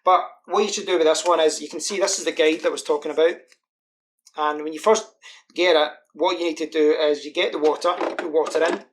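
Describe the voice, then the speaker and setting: A man's voice: on the high side, steady tone, a little fast. A man from the UK giving a casual, rambling product demo at home. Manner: chatty, rambling with fillers. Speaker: product reviewer. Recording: echoey room with faint hiss.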